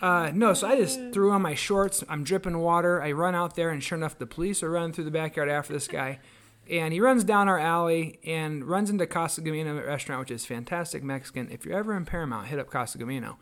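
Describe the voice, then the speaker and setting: Earnest man telling stories, higher voice. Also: fast, fairly bright tone. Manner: earnest storytelling, acts out quoted voices. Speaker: podcast co-host. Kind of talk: casual devotional chat.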